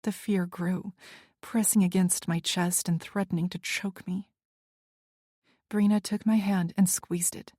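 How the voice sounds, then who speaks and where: A woman's voice: fairly low pitch, steady tone, measured pace, mellow, no echo, clean studio sound. A woman narrating a first-person romance audiobook in an earnest, anxious storytelling manner.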